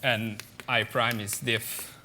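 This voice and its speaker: A man's voice: on the low side, flat delivery, takes it slowly, bright, forceful tone, a little hiss or hum. A man giving a mathematics lecture at a conference, explaining step by step with many fillers and often checking the audience with "okay?".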